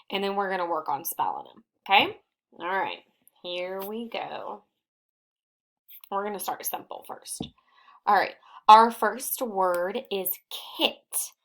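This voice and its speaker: A woman reading teacher giving a recorded phonics lesson to young children, sounding out words slowly and patiently. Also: on the low side, a bit bright.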